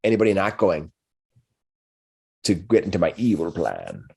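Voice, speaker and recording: A man with a somewhat low voice runs a tabletop game, describing the scene. He narrates in a halting way, often repeating words before moving on. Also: wildly swooping pitch, gravelly, a little mellow, breathy edge. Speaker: game master.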